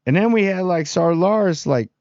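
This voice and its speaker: A man's voice: sits high, lively intonation, darkish tone, no room sound, dull audio. Slangy casual man reviewing a show. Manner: slangy, rambling, acts out characters in quick voices.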